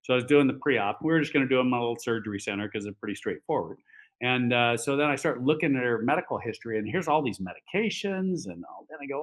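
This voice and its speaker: Talking fast at a medium pitch, this orthopedic surgeon casually rambles through patient stories on a podcast, using plenty of fillers. He acts out the quoted dialogue, and his slightly bright voice sits on a rough recording.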